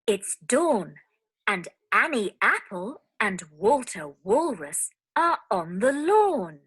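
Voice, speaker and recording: A woman reads a children's phonics story aloud. Her pitch swoops up and down in a sing-song storybook way. She reads slowly, with a husky edge to her voice. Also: a bit bright. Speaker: story narrator. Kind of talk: recorded storybook narration.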